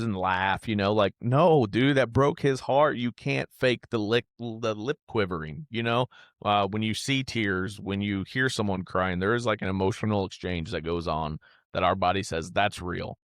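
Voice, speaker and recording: Candid, low-voiced man in his thirties. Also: normal speed, dry recording, studio quality. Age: 30s. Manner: candid, rambling, heartfelt, with casual swearing. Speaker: podcast host. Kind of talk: casual storytelling monologue.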